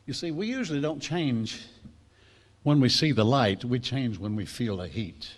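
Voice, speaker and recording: At a moderate pace and medium pitch, a man preaches to a class. He brings his stories to life with a lively style, voicing the characters in his quotes.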